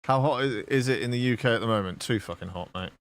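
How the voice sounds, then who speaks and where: A man's voice: mid-range voice, quick pace. A man from southwest England, chatting casually and joking with his live-stream chat while coding, swearing freely.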